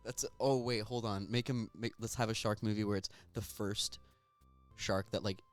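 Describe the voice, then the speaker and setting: A man's voice: on the low side, fairly even intonation, soft background music. Easygoing young man hosting a podcast. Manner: easygoing, chatty, many fillers and quick reactions. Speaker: podcast host. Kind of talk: casual chat.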